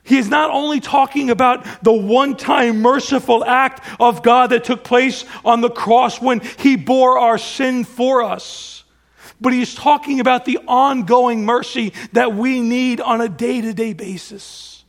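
A man's voice: extremely high pitch, fairly even intonation, a little slow, creaky. A man preaching a sermon, retelling scripture with plain asides and light humor, rising and dropping in volume as he drives points home. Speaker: pastor.

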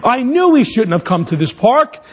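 A male preacher voicing an exasperated mother scolding her family at a picnic, in a shrill, nagging tone. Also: very animated, normal speed, husky, exaggerated voice. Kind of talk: acted quote within a sermon story.

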